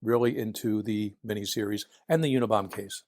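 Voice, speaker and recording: A retired FBI agent in his sixties, a Philadelphia native with the local accent, chats as a guest in a casual interview, chuckling as he tells stories and acts out other people's voices. His voice sits lowish and a little mellow, and he talks fast. The recording is dry, with clean studio sound.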